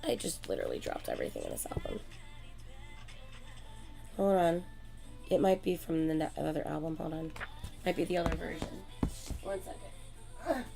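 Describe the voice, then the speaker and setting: A woman hosting her channel in a casual chat with viewers, excitable and gushing like a fan, swearing often and filling her talk with "like.". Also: low-pitched, a little fast, creaky, long pauses, over music. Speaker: channel host chatting with viewers.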